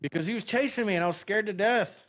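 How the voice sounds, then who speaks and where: A middle-aged man chats casually while he plays a game, his voice sitting a bit high for a man. He tells long, animated stories that ramble along, full of fillers and restarts. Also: fast talker. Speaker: gaming streamer.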